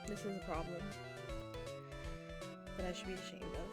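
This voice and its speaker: A woman's voice: lowish voice, fairly even intonation, moderate pace. A young woman streaming a game, chatting casually and poking fun at herself. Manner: self-deprecating, chatty, swears. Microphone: headphones and desk mic. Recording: game music playing behind.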